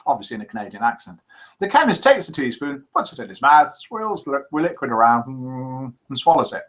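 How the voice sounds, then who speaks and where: Husky-voiced jokey man hosting. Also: mid-range voice, a little fast. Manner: jokey, lively, addresses listeners directly. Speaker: host of a live daily call-in show. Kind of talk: chatty live broadcast, reading out viewer messages.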